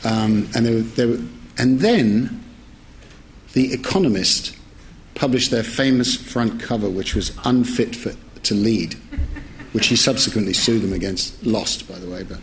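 A middle-aged journalist with a lowish voice tells listeners a humorous anecdote at a measured pace. He is chatty, often correcting himself and laughing along the way, with a little hiss or hum in the audio.

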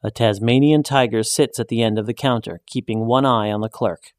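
A man reading a short story aloud in a measured, even storytelling voice, raising his pitch when he speaks the woman's lines. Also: no echo. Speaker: narrator. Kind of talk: scripted story narration.

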